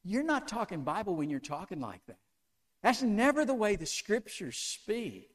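A man's voice: high-pitched, very animated, normal speed. A man preaching a sermon to a congregation, asking them one question after another with an emphatic delivery. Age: older.

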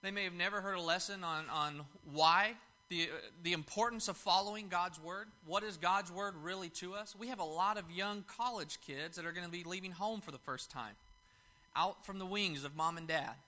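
A man preaching in church, with a high, very bright voice. He tells his story in a folksy, homespun way, with fillers and little restarts along the way. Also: normal speed. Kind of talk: sermon. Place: church service.

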